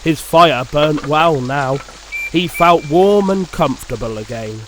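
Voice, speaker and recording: A man reading a children's train story aloud in a slow, measured way. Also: on the high side, noisy background. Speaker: narrator. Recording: narration over background music.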